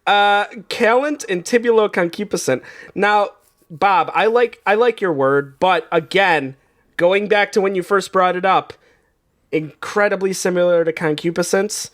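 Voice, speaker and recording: A man hosting a comedy game show, playful and quick to laugh. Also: high-pitched, fairly bright tone.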